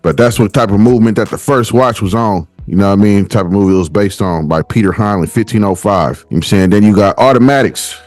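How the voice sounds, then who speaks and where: A man's voice: fairly low pitch, quick pace, few pauses, a little mellow, no echo. A middle-aged man hosting his own podcast, out of breath and rambling loosely, always asking "you know what I'm saying". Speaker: podcast host. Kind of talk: casual solo podcast talk. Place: home setup beside a watch box.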